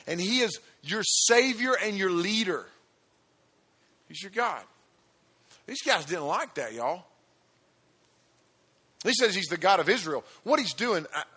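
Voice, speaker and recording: A man preaching a sermon in an energetic, emphatic way, talking directly to his audience. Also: on the high side, slightly rough.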